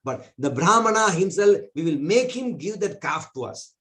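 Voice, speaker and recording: A man's voice: high voice, lively intonation, moderate pace, a bit bright. A man voicing cunning village thieves in a story, coaxing and mock-innocent. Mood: scheming. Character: sly, scheming male village thieves.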